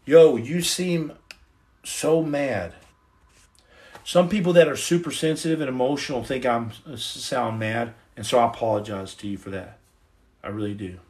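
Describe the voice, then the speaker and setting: A man's voice: medium pitch, normal speed, darkish tone. A middle-aged man hosting a livestream, giving his testimony in an earnest, preachy, casual way into his phone. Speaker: livestream host.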